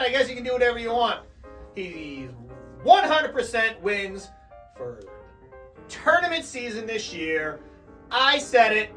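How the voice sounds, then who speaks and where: Young male co-host, rowdy jokey delivery, heard from a distance over light music. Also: extremely high pitch. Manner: loud, joking, hyped segment intros. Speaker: podcast co-host. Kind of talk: casual sports banter. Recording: distant mic with faint music.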